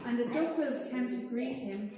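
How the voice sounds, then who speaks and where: A woman's voice: a little high, moderate pace, warm tone, distant mic. Lady reading a rhymey kids' story, singsong, quizzes the kids, big echoey hall, faint noise. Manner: sing-song, rhythmic, asks the children questions. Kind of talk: reading a rhyming picture book aloud to children.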